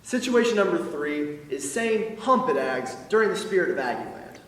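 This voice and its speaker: A young man, a yell leader, explaining yells slowly and deliberately, then shouting the counts. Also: high voice, big pitch swings. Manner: slow, deliberate explaining between loud counts. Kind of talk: instructional demonstration. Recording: echoey hall, voice from far off.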